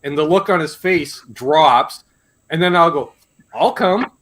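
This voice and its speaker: A Canadian man hosting a casual live chat, telling animated stories and swearing freely. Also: a little high, measured pace, noisy background. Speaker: host.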